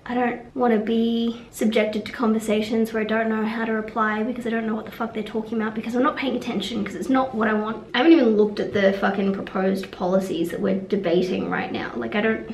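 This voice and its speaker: Young woman vlogger, rambling and blunt, slightly high voice, echoey room. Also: fairly even intonation, fast talker, few pauses, a little mellow, a little hiss or hum. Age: young adult. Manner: rambling, frank, swears, trails off. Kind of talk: casual vlog monologue. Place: room at a conference venue.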